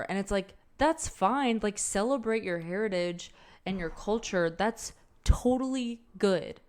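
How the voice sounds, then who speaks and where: A young woman co-hosting a podcast, ranting in casual chat, animated and profane, laughing often. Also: medium pitch, measured pace. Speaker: podcast co-host.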